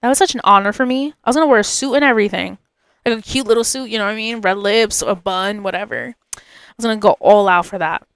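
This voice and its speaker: A woman's voice: medium pitch, quick pace, clean tone, no echo. A young woman hosting a podcast, telling a personal story in a chatty, rambling way, full of fillers and asides. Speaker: podcast host.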